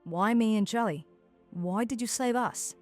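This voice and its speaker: A man voicing Lilith, a frightened young woman newly turned vampire, in a soft, hesitant, high falsetto. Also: a little slow, soft background music. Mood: timid.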